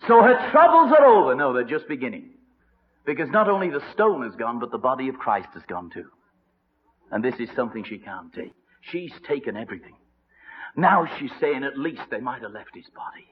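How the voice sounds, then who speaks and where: A man preaching a storytelling sermon, swinging dramatically between loud and hushed. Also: medium pitch, sing-song, a little fast. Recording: reverberant hall, dull lo-fi sound.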